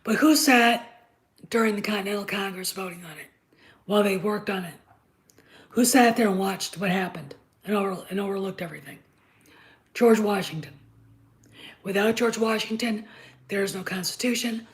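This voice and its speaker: A woman's voice: mid-range voice, moderate pace, long pauses, poor audio. A woman hosting a live stream, lecturing her chat insistently, repeating her points and checking in with "okay?".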